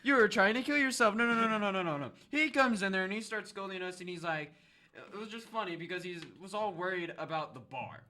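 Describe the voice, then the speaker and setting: Bright-voiced teenage guy telling a story. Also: high-pitched, a little fast, slight background noise. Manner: animated storyteller, laughs often. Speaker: student podcast co-host. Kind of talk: casual chat.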